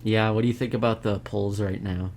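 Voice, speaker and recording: A man's voice: lowish voice, steady tone, fairly quick, a little mellow, slight background noise. A man co-hosting a casual podcast, answering bluntly with dry, skeptical retorts. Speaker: podcast co-host. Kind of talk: casual chat.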